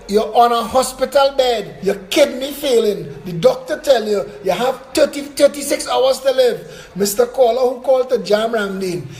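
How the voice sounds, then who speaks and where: Trinidadian man, call-in host, high voice, brisk and blunt with a mocking edge. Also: a little mellow. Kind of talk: call-in talk show.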